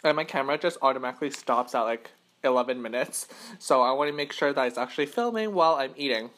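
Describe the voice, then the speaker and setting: This mukbang host, a Western Canadian man, talks quickly in a mid-range, fairly bright voice. Filming in a hotel room with the camera mic, he keeps his eating show casual, wandering off topic, laughing between mouthfuls and fixing his own slips.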